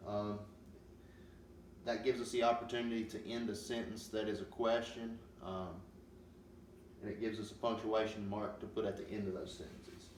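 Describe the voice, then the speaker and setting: A man giving a grammar lesson, explaining slowly and patiently with many pauses and ums. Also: lowish voice, little pitch movement, a little mellow. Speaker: teacher. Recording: roomy, distant mic with faint noise.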